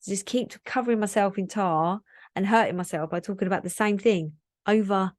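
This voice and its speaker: A woman's voice: mid-range voice, fairly quick, no room sound, clean studio sound. A woman in her thirties hosting a solo podcast, talking in a candid, reflective, rambling way with lots of "like" fillers. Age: 30s. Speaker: podcast host.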